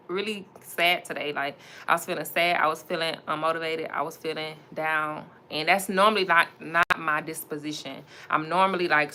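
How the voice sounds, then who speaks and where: A woman's voice: sits low, creaky, bright, forceful tone. A young woman, chatting casually and animatedly to her viewers on a livestream, laughing often. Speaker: entrepreneur livestreaming while styling a wig.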